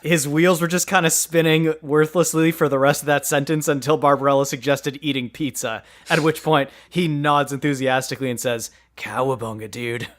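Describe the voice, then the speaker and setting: A man narrating his character's moves in a comedy tabletop game. Playful, chatty delivery in a somewhat high voice. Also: steady tone, a little fast, hardly any pauses, a bit bright. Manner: playful, laughing. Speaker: tabletop role-play player. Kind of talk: casual role-play narration.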